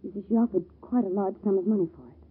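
An actress playing an anxious young wife in an old-time radio drama, speaking in a halting, nervous way. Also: female voice, mid-range voice, breathy edge. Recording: lo-fi vintage radio recording.

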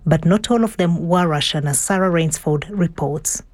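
A woman presenting a radio news show from the studio, steady and clear, with the odd small slip. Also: fairly low pitch, normal speed, heavy background noise.

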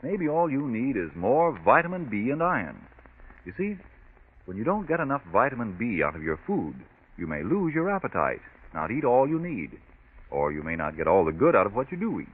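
A male announcer delivering smooth, persuasive, scripted radio announcements and an ad. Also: medium pitch, very animated, moderate pace. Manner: smooth, persuasive, formal address. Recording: tinny scratchy old radio broadcast.

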